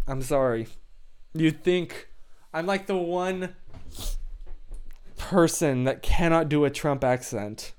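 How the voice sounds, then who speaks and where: In a mid-range, clean-toned voice and an unhurried pace, a young man streams from his room and chats loosely with viewers as he reads the live chat. He's rambling and self-deprecating, and he laughs often.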